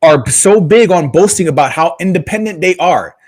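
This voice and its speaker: A man's voice: a little high, animated, normal speed. A man co-hosting a podcast, talking in a casual, emphatic way and often repeating his words. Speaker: podcast co-host. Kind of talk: casual chat.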